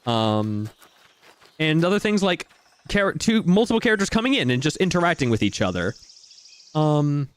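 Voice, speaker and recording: A man's voice: on the high side, sing-song, moderate pace, long pauses, smooth. A man casually commenting on a game while he plays, rambling and searching for his words. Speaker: gameplay commentator. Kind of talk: casual let's-play commentary.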